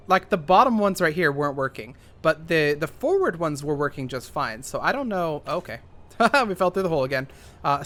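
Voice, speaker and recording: A young gaming YouTuber with a sharp, highish voice rambles casually as he plays. He thinks out loud and fills his talk with fillers.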